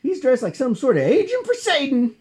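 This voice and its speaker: A man voicing lying, whiny cult thugs in a put-on drawl, high and indignant. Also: wildly swooping pitch, brisk, darkish tone, husky, heavily acted. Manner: whining, indignant, high-pitched.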